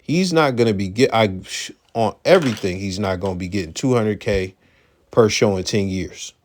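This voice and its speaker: A man's voice: fairly low pitch, moderate pace. A man hosting a podcast, giving blunt, emphatic commentary in a conversational way. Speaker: podcast host. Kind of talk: casual commentary.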